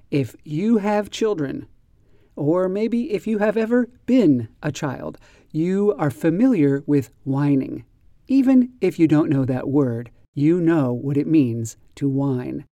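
A man teaching an English vocabulary lesson, spelling each word slowly and acting out examples. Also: a little high, mellow, dry recording.

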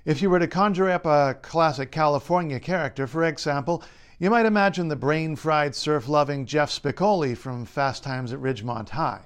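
A linguist and writer narrating a scripted explainer in a clear, wry, lightly humorous way. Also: male voice, a little high, normal speed.

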